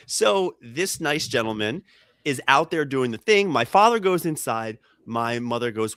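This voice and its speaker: A man's voice: normal speed, dry recording. A man co-hosting a comedy podcast, spinning a long anecdote in casual talk. His voice swoops up and down as he mimics the people in the tale. The sound is dry and close. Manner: animated, acts out quoted people with jumps in pitch. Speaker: podcast co-host.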